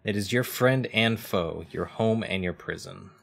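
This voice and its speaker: A cryptic, solemn street fortune teller speaks in riddles about fate and memory, as a man reads the part aloud. The voice is low and gravelly. There is faint music underneath. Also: a little slow, heavily acted.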